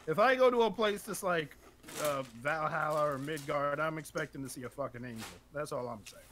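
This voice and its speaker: A man joking crudely and excitably with friends on a voice call. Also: fairly high pitch, fairly quick, a little hiss or hum. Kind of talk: casual chat on a voice call.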